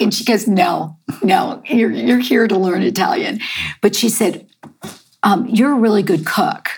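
An American woman, a chef and artist, telling her life story in an interview, halting and reflective with many fillers. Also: mid-range voice, vocal fry, slightly rough. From United States.

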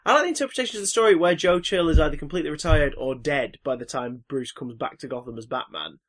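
A man co-hosting a casual chat show, telling stories animatedly. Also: fast. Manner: animated, acts out quotes with big pitch jumps. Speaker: podcast co-host.

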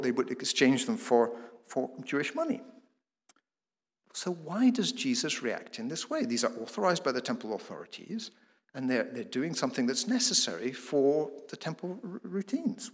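A man's voice: medium pitch, in a large hall. A man preaching a sermon, explaining the passage and posing rhetorical questions with occasional restarts.

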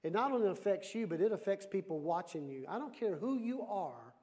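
With brisk energy, a pastor whose voice is high and bright preaches to his congregation. Stories blend with pointed appeals, and he keeps throwing questions back at his listeners.

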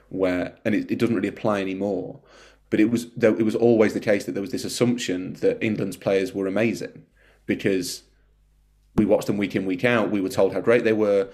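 A man's voice: lowish voice, fairly even intonation, a little fast, darkish tone. A man talking casually on a podcast panel, joking and interrupting himself. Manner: chatty, self-interrupting, joking. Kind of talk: casual chat.

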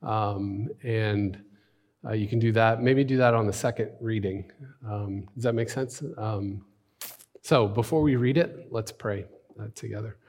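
A man preaching an informal sermon in a church, talking in a relaxed, conversational way with frequent fillers and restarts. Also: lowish voice, a little slow. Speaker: pastor. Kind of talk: informal sermon with scripture reading. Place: church sanctuary.

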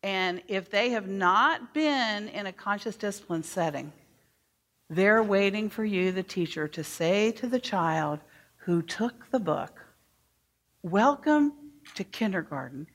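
Slow, emphatic woman addressing teachers. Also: mid-range voice, fairly bright tone. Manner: emphatic, asks the audience questions. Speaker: educator training teachers. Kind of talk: workshop talk to an audience.

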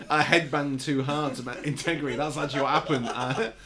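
A man's voice: mid-range voice, fairly even intonation, a little fast, very noisy. A man trading dry, teasing jokes as a podcast co-host. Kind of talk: casual banter.

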